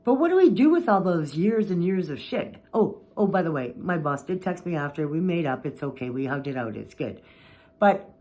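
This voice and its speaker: Blunt, lower-pitched woman telling stories. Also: normal speed, poor audio. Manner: blunt, swears freely, animated outbursts. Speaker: vlogger. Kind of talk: candid personal storytelling.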